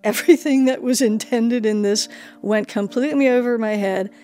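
A woman's voice: fairly high pitch, moderate pace, dark tone, faint music behind. A woman being interviewed, telling her own story with animation and acting out the dialogue she recounts. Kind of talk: personal storytelling.

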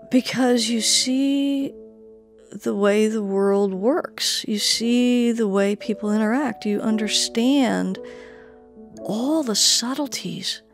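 A woman's voice: mid-range voice, creaky. A woman being interviewed, telling her own story with animation and acting out the dialogue she recounts. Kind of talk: personal storytelling.

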